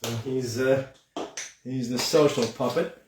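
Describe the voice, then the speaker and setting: A man hosting a live-stream puppet show, talking in a rambling, halting way. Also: mid-range voice, steady tone, noisy background. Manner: rambling, halting, many fillers. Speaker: host and puppeteer. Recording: echoey room, voice far from mic.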